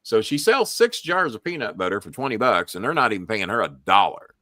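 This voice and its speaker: Blunt, swearing host. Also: male voice, lowish voice, big pitch swings, a little fast, bright, forceful tone, no room sound, clean studio sound. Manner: blunt, heavy swearing, storytelling. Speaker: show host. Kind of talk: casual live-show chat.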